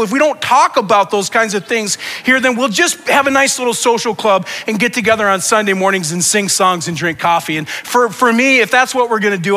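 In a church sanctuary, a pastor preaches a sermon with impassioned, repetitive delivery that builds in intensity. His voice is very high, pushed and bright, and the recording carries the long reverb of a church hall.

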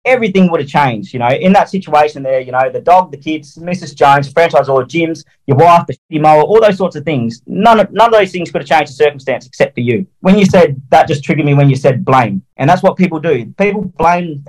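A man's voice: fairly high pitch, expressive, brisk, hardly any pauses, darkish tone, rough recording. A man telling a work story as an interview guest, blunt and colloquial, swearing freely and acting out little quotes. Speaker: interview guest, mowing franchisee.

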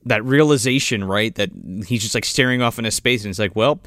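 A man's voice: medium pitch, fast talker, no echo. A man co-hosting a casual film discussion, recounting scenes with swearing and acted-out lines. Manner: profane, animated retelling with acted quotes.

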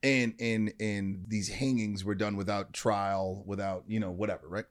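A middle-aged man with a fairly low voice recounts a personal story as an interview guest. He speaks earnestly and keeps checking in with his listener. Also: a little slow. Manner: earnest, leans on "right?" and "you know".

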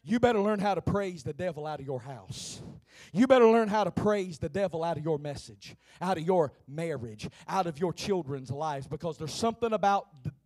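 A man preaching a sermon in a church, building from low talk up to shouting with the congregation. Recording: piano music behind.

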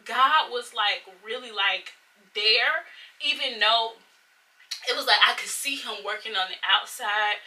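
Earnest woman on a faith podcast with a very bright tone, set back from the mic. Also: a little high, a little slow, distant mic, low-quality recording. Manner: emotional, earnest, many "like"s and "y'all"s. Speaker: podcast co-host. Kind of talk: casual faith testimony chat.

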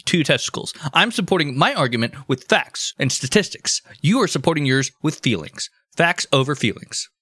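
A man's voice: a little high, very animated, normal speed, few pauses, bright, forceful tone, no echo, clean studio sound, exaggerated voice. A man doing a smug lecturing pundit. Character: smug male debate pundit.

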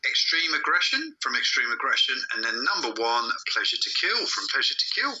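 A man's voice: medium pitch, big pitch swings, a little fast, sharp tone, a little hiss or hum. A man co-hosting a podcast in casual chat, rambling with many restarts. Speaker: podcast co-host. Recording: dull lo-fi sound.

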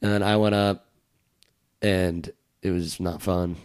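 A man's voice: sits low, fairly even intonation, measured pace, darkish tone, clear, resonant tone. A young man co-hosting a podcast in casual chat, talking in a loose and rambling way with a lot of swearing. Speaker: podcast co-host, stand-up comic.

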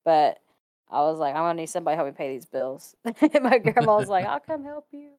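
This woman from Ohio, a guest telling a ghost story, speaks in a low pitch at a quick pace, casually recounting a spooky personal experience. She's animated, laughs often, and acts out the voices of people she quotes. The recording is clean studio sound with no room echo.

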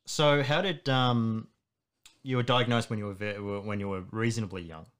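Woman host in her late 30s, extremely low voice, supportive and hesitant. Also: clean tone. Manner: supportive, asks halting questions. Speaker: interview host. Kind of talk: casual interview.

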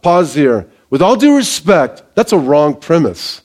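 A man preaching a sermon to his congregation, energetic and conversational, with joking asides. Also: a little high, a little slow, hardly any pauses. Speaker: pastor.

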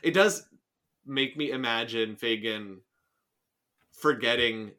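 In a medium pitch and at a slow pace, a male podcast co-host reads out a story and responds to it, animated and sarcastic, laughing and restarting his sentences throughout the casual chat.

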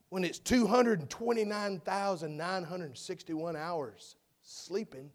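High-voiced preacher. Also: male voice, takes it slowly. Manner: folksy, swings from shouting to quiet asides. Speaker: evangelist preacher. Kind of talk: sermon. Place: church.

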